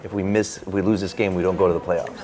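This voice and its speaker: A man, an author, telling an animated, casual story at a bookstore event, full of "like" fillers. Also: deep voice, quick pace, crowd noise. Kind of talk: casual anecdote in an interview.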